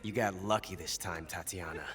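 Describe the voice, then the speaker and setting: A man's voice: deep voice, steady tone, brisk, a crowd in the background, lightly acted. A man playing a cocky young officer. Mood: smug. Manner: smug, taunting. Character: young arrogant male officer, cocky and taunting. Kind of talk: video game cutscene acting. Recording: game audio with clear background noise.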